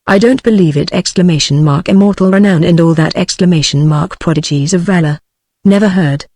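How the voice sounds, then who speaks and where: A woman's voice: lowish voice, fairly quick, dry recording, clean studio sound. A text-to-speech woman's voice with a British English accent, reading out a chattering gossipy society widow. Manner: flat synthetic reading, rattles on.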